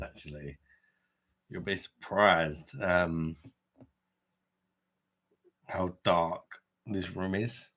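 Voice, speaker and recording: Man, very deep voice, casual livestream chat, reads viewer comments. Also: a bit bright. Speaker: beer review livestream host. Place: home room.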